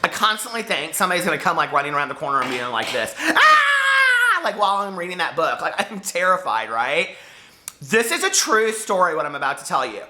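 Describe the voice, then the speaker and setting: A man hosting a casual book vlog from home, telling stories straight to his viewers. His voice is bright and forceful, and his pitch swings widely as he goes. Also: fast. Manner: animated storyteller, talks straight to viewers. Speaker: book vlogger.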